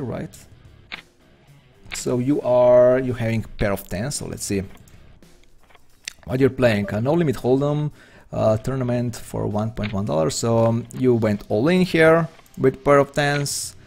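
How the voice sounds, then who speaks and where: This Slovenian man has a creaky, somewhat mellow voice of medium pitch and a Slovenian accent. He commentates his own poker live stream as he plays, chatting hesitantly and rambling.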